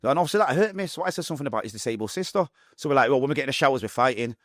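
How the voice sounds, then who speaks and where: This podcast guest, a man in his forties from Manchester, England, recounts his life openly in a fast, lively way, performing the quotes in character. He has a mid-range voice, recorded dry at studio quality.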